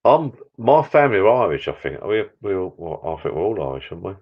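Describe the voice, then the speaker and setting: A man's voice: low voice, big pitch swings, fast talker, husky, muffled recording. An older man hosting a live stream from his backyard bar, chatting in a rambling, sentimental way. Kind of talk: casual chat. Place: backyard garden bar shed.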